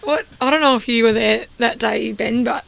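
Bright gravelly-voiced woman. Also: a little high, moderate pace. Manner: chatty, laughs often, many fillers. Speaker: podcast guest. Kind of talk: casual chat.

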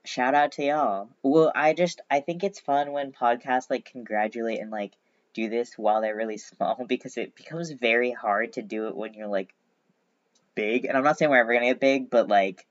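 A woman's voice: rumbling low, fairly even intonation, normal speed. A woman co-hosting a casual podcast, rambling and self-mocking with lots of filler words. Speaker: podcast co-host. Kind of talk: casual chat. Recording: dull lo-fi recording.

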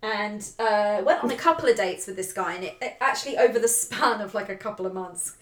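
A woman's voice: medium pitch, lively intonation, a little fast. A woman co-hosting a dating podcast, chatting casually as she tells a story about a date, with plenty of fillers. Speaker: podcast co-host. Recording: roomy.

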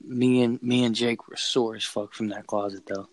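A man's voice: medium pitch, moderate pace, dry recording, poor audio. Young guy telling a creepy story, swears a lot, dry close sound. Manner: excited, profane, repeats phrases. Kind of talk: casual story.

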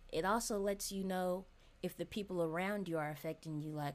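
A woman's voice: medium pitch, expressive, normal speed. A young woman hosting a casual solo podcast, talking frankly and chattily straight to her listeners. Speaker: podcast host.

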